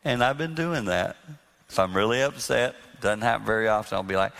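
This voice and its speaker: A man giving a sermon-style marriage talk to a live audience, earnest, moving from emphatic to very soft. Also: fairly low pitch, brisk, creaky. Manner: earnest, shifts between loud emphasis and soft near-whispers. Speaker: marriage speaker. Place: live event room with audience. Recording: long reverb of a hall.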